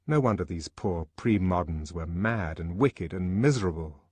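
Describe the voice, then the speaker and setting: A man narrating an audiobook with an expressive, varied delivery. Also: low-pitched, moderate pace, hardly any pauses, husky, no room sound. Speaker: audiobook reader.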